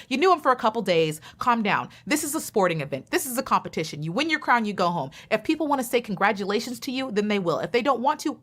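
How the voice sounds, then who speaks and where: A woman's voice: mid-range voice, a bit bright. A woman commenting bluntly and sassily. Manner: blunt, sassy and emphatic. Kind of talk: opinionated reaction commentary.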